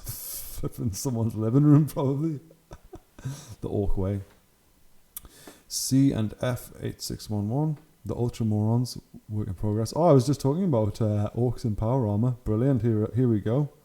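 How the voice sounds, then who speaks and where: A man's voice: lowish voice, normal speed, dark tone. A young man hosting his channel, giving casual, enthusiastic commentary on hobby photos and laughing often. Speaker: channel host.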